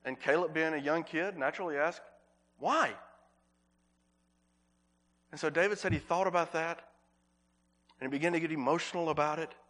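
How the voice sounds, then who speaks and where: A man preaching a sermon as pastor, earnest, repeating words for emphasis and slowing on key phrases. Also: a little high, steady tone, a bit bright.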